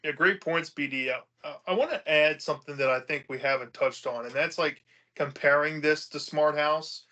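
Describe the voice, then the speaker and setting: Bright-voiced man, measured podcast co-host. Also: fairly high pitch. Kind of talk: casual discussion.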